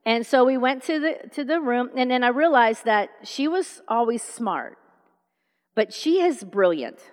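Animated high-voiced woman preaching. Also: unhurried, big-room sound. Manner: animated storytelling, acting out dialogue. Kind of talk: sermon.

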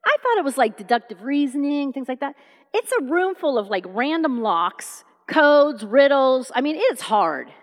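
A woman's voice: high voice, normal speed, in a large hall. A middle-aged woman preaching a sermon, telling stories and acting out the dialogue. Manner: animated storytelling, acting out dialogue.

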